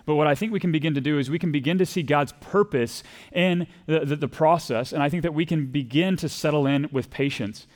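A man's voice: fairly high pitch, brisk. Texas-accented male pastor preaching. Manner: conversational, acts out quoted voices, asks the congregation questions. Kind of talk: sermon.

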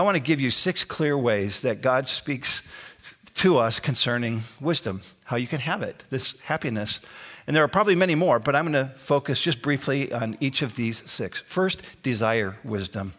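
A man's voice: fairly high pitch, pushed and bright. A pastor in his sixties preaching a sermon, emphatic, repeating key phrases with a rising inflection. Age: 60s.

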